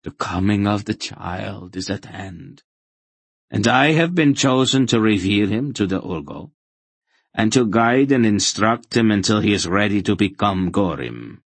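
A contemptuous male religious fanatic from the caves, raising his voice in righteous scorn, as a narrator puts him on. The voice underneath is deep and husky, recorded close and dry for an audiobook. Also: lively intonation, unhurried, dry recording, full character voice. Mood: insistent. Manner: scornful, insistent. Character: zealous male cave-dwelling fanatic, contemptuous. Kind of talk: audiobook character voice.

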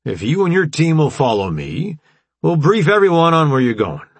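A commanding middle-aged general, formal and measured, his voice raised a bit and gravelly, as a male narrator puts him on. Dry, close recording. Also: fairly high pitch, very animated, dry recording, voice pushed up, exaggerated voice.

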